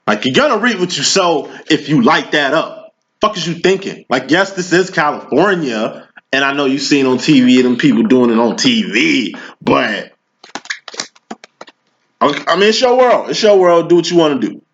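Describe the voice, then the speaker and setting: A man's voice: medium pitch, lively intonation, moderate pace, fairly bright tone. A man giving a casual tarot reading, talking in slang and preaching, always checking in with "you know what I'm saying". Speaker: tarot reader. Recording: dull lo-fi recording.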